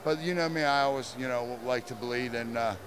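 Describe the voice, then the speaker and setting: A man's voice: mid-range voice, a little fast, a bit bright, a little hiss or hum. A man from the southern United States, a wrestler guest talking in a laid-back, joking way.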